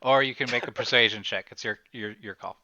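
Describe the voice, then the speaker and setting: A man narrating as game master of a tabletop game, halting and searching for his words. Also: mid-range voice, bright, forceful tone, dry recording. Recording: slightly muffled, dry recording.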